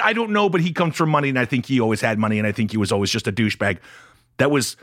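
A man co-hosting a podcast, delivering animated, sarcastic political commentary, moving between loud jabs and low asides. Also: fast, no echo, clean studio sound. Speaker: podcast co-host.

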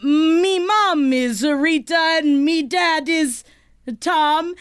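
A woman's voice: high voice, very slow, dry recording, clean studio sound, pitched above the performer's own voice. A woman putting on a goofy young male rapper who speaks only in rhyme, in a sing-song, mock-swaggering way.

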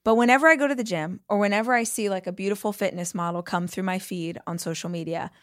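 A woman in her thirties hosting a podcast interview, talking in an animated, chatty way and swearing casually. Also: mid-range voice, fast, dry recording, studio quality. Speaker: podcast host.

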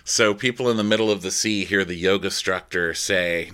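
A man's voice: deep voice, steady tone, normal speed, pushed and bright, clean tone. A man co-hosting a podcast, chatting in a casual, comedic way and jumping into exaggerated voices of people. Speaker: podcast co-host. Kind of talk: casual comedic recap chat.

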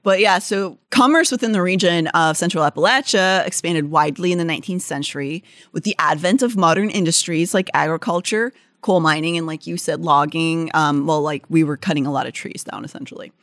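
Low-voiced chatty woman with a Pittsburgh accent. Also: fairly quick, hardly any pauses, a bit bright, no echo, clean studio sound. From Pittsburgh area, United States. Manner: chatty, many "like"s and restarts. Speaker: podcast co-host. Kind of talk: casual chat mixed with read-out facts.

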